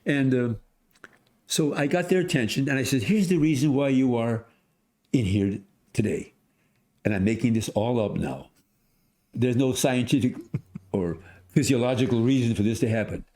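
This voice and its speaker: A man of a hundred, a podcast guest, telling a story in casual conversation, animated, acting out voices and restarting often. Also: medium pitch, moderate pace, long pauses. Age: 100s.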